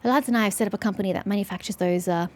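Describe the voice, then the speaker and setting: A woman's voice: mid-range voice, racing, a little mellow, natural voice. A woman voicing a proud, hardworking male dock laborer in a game, boastful about his crew.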